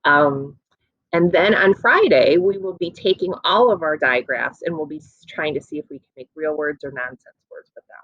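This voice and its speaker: A woman teacher giving an encouraging phonics lesson to young children, slowly stretching out sounds. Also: low voice, no room sound, lo-fi sound.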